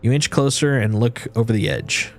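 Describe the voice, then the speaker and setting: A man's voice: medium pitch, moderate pace, faint music behind. A man streaming, reading a video game's story aloud in second person, often restarting his phrases.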